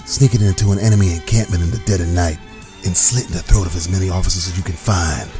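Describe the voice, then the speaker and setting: A man voicing a grim, boastful veteran army sergeant in a comedy sketch, talking gruffly and slowly. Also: sits low, steady tone, over music, natural voice. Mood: grim boasting. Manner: gruff, slow, deliberate war stories.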